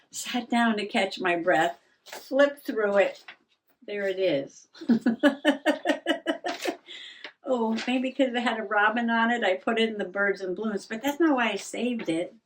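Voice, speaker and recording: A woman's voice: mid-range voice, a bit bright, a little hiss or hum. An older woman vlogging in a rambling, self-mocking way, laughing often and a little out of breath. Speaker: journaling vlogger. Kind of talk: casual chat.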